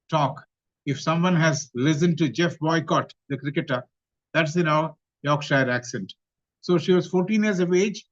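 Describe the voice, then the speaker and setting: A man with an Indian English accent lectures in a measured, repetitive way. His voice sits a little high. The recording is dull and lo-fi. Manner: measured, recaps and repeats points. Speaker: lecturer on theosophy. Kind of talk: study-class talk.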